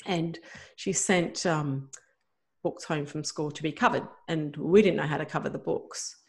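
A middle-aged woman, a guest telling a personal story in an emotional, animated way with many fillers. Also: low voice, unhurried.

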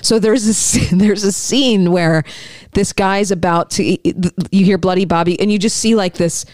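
A woman's voice: medium pitch, measured pace, a little mellow, no room sound, studio quality. A woman co-hosting a casual movie review chat, retelling scenes with laughter and restarts into a desk mic.

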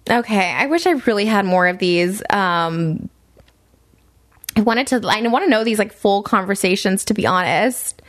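A woman's voice: medium pitch, lively intonation, moderate pace. A woman hosting a casual podcast, talking bluntly with lots of swearing and rambling restarts as she reacts to messages she reads aloud. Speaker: podcast host.

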